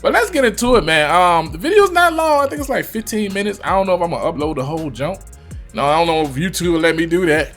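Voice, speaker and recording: A man's voice: high-pitched, very animated, quick pace, a bit bright, soft background music. A man with a Virginia accent giving loose, slangy reaction commentary, swearing freely. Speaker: reaction youtuber.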